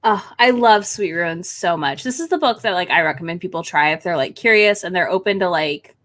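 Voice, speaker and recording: A woman hosting a casual chat about romance books, excitable and swearing freely as she acts out characters' lines. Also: fairly low pitch, fairly quick. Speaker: book channel host.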